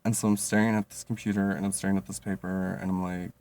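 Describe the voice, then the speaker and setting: Man, 30s, low gravelly voice, profane casual storyteller. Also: fast, hardly any pauses. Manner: profane, animated, lots of fillers.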